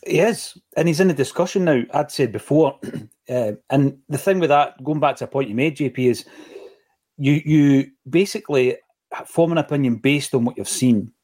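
A middle-aged Scottish man hosting a football podcast, chatting in a casual, opinionated way with quick asides. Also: mid-range voice, darkish tone. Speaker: podcast host.

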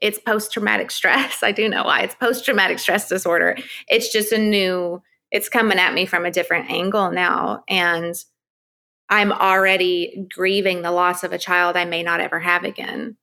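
Middle-aged female guest, candid and emphatic, bright tone with vocal fry. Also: on the low side, fairly even intonation, normal speed. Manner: open, emphatic, laughs often. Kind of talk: candid podcast conversation.

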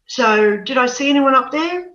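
A woman recounts her experience as an interview guest, earnest and repeating words as she searches for them. Her voice is bright and fairly high. She sounds set back from the mic in an echoey room, with a dull, muffled tone. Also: animated, normal speed, recorded from a distance. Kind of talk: personal storytelling interview.

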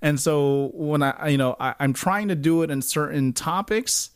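A man's voice: on the high side, moderate pace. A man guesting on a podcast, talking eagerly and stumbling over repeated words. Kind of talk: casual podcast chat.

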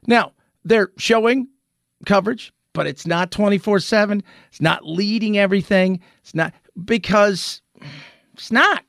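A man hosting a commentary show, talking through the news in an animated, rhetorical way, often restarting his sentences. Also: high voice, a little slow, vocal fry, no echo, clean studio sound.

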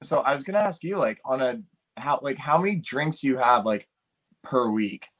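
A man joining a podcast as a guest, speaking at an ordinary mid pitch. He retells conversations in a relaxed way, leaning on "like" and "um" as he goes. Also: moderate pace. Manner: relaxed storytelling, many "like"s and fillers. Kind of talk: casual chat.

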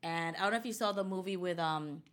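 A woman with a fairly low voice tells a personal story in a relaxed interview. She talks animatedly and slips into the voices of the people she quotes. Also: fast. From United States. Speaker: guest. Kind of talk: conversational storytelling.

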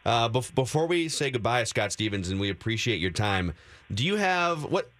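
A man's voice: mid-range voice, very animated, moderate pace, a bit bright, dry recording. A male sports radio host talking in an upbeat, chatty way.

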